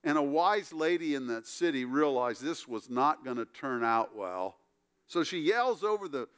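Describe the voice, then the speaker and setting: Man, sermon, acts out the quotes, clear resonant voice. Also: on the high side, lively intonation, moderate pace, fairly bright tone. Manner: storytelling with acted-out quotes and wry asides. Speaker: pastor.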